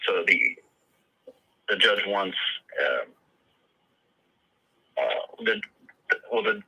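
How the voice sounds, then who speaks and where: A man's voice: on the low side, wildly swooping pitch, extremely slow, vocal fry, bright, forceful tone, husky, lo-fi sound. A man practicing his testimony in a coaching session, hesitant and full of fillers and restarts.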